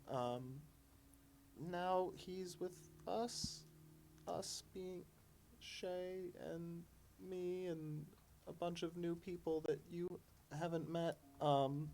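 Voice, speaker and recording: A slow, hesitant player stumbles through in-character talk, filling pauses with ums and uhs. The voice sits at a middle pitch with a faint hum of ambience behind it. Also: darkish tone. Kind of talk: casual in-character play.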